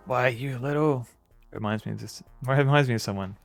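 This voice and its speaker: Casual male streamer, mid-pitched, rambling commentary with chuckles, game music faint under. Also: normal speed, vocal fry. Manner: rambling, chuckling, greets chat.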